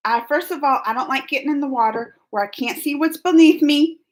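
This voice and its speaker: High-voiced woman hosting a chatty stream. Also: brisk. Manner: reads viewer comments aloud, chatty, laughs often. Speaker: reaction channel host. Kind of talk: casual live reaction chat.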